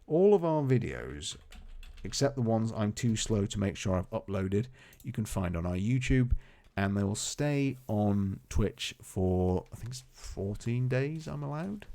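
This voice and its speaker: Male streamer, low gravelly voice, lively pitch, rambling chatty play-by-play, faint music bed. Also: a little slow. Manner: chatty, rambling, talks to his game characters. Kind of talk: casual live gameplay commentary.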